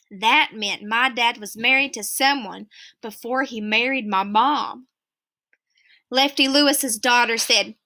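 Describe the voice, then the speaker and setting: A woman's voice: a little high, a little slow, sharp tone. A woman reading a novel aloud, narrating steadily in a child's first-person voice. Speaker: reader.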